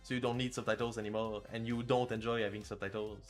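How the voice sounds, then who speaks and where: Casual male streamer, mid-pitched, loose and crude-humored, faint music underneath. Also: little pitch movement, fast. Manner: joking, crude, rambling. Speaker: indie game developer streaming. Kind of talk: casual livestream chat.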